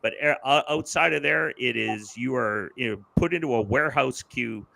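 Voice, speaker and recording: A man from Canada co-hosting a political livestream, explaining his views in a measured way with slight hesitations. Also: mid-range voice, creaky, sharp tone, no room sound. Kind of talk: casual political chat.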